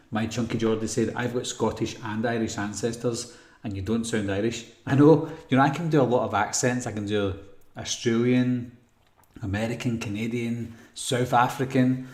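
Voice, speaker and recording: A man's voice: mid-range voice, normal speed. A man hosting a casual live Q&A for a horror channel, reading chat questions and answering in a rambling way with lots of ums. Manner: relaxed, rambling, frequent ums and throat clearing. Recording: roomy echo.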